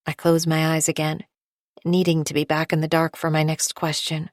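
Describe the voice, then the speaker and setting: Brief: female audiobook narrator, low and even, restrained first-person delivery, dry studio sound. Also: moderate pace, no echo.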